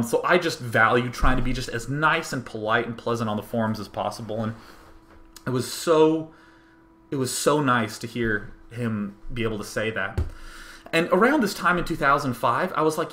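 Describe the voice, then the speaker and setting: A young man with a bright, forward, medium-pitched voice shares a personal story in what sounds like a casual host monologue. He's animated and rambling, restarting sentences often as he sorts through his thoughts.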